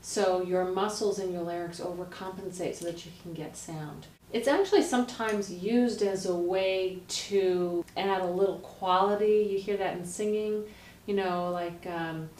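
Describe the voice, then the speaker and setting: A woman, a vocal coach, explaining how to speak healthily in a lively, direct teaching manner. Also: on the low side, a little slow. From United States. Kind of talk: instructional explanation with voice demonstrations. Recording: roomy, distant mic, faint noise.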